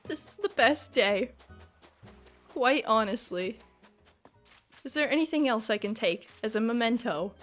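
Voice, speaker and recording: A young woman live streaming a video game, chatting with her viewers and breaking into excited squeals and shouts. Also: a little high. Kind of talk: casual gaming livestream chat.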